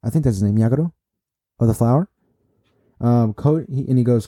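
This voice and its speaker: A man casually recapping a comic chapter, excitable and repetitive, talking straight to his viewers. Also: mid-range voice, fairly quick, long pauses, dry recording, clean studio sound. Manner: excitable, repetitive, speaks to viewers as guys and bro. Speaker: manga recap vlogger.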